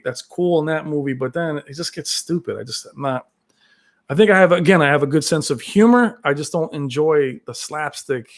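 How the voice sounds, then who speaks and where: A man hosting a casual live stream from home, reading viewer comments aloud and talking in a rambling, excitable way. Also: a little high, a little slow. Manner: rambling, excitable, with frequent fillers. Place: at home with his cat.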